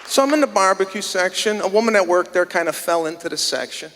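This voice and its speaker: A man's voice: high voice, animated, fast, crowd noise, background noise. A man doing a stand-up set on a theater stage before a live audience, telling indignant, exasperated stories and acting out the dialogue on a handheld mic. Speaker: stand-up comedian. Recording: long theater reverb.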